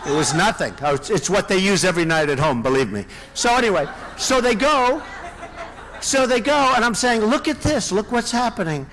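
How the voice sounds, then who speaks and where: Lively, high-voiced boastful rally speaker. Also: male voice, moderate pace. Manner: boastful, rambling, full of asides to the audience. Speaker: political candidate. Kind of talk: campaign rally speech.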